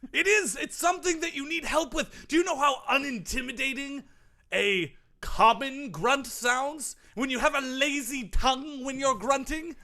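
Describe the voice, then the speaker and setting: A man's voice: normal speed, heavily acted. A man acting a boastful, self-important male tennis grunt coach in a comedy sketch, showing off grunt sounds. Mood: smug. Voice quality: high, bright, swooping voice with loud demonstrated grunts. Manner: pompous and self-congratulating. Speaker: sketch character.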